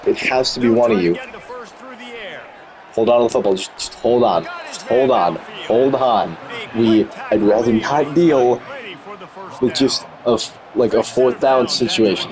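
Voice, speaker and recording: Over his own football video game, a man provides live commentary, sounding exasperated and self-mocking as he pleads with the players. His voice sits in the mid-range and is a little mellow. The recording is rough.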